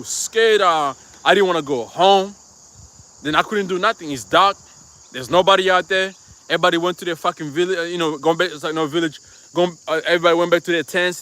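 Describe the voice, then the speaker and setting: High, bright-voiced man preaching casually. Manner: casual and profane, with constant asides to the listener. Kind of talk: live-stream sermon with personal storytelling.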